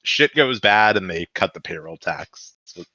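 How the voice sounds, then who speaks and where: A man's voice: low-pitched, lively intonation, normal speed, bright, forceful tone, dry recording, highs cut off. A man co-hosting a podcast in casual political chat, sarcastic and rambling. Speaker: podcast co-host.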